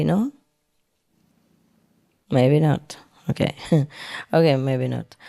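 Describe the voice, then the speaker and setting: A woman telling jokes in a casual way. She laughs often at her own jokes, explains the punchlines, and pauses with hesitant fillers. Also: fairly low pitch, darkish tone, no echo, studio quality.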